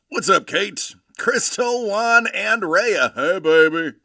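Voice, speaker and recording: A man hosting a casual livestream, chatting in an animated, jokey way and greeting viewers by name. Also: on the high side, takes it slowly, few pauses, no room sound, clean studio sound. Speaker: livestream host.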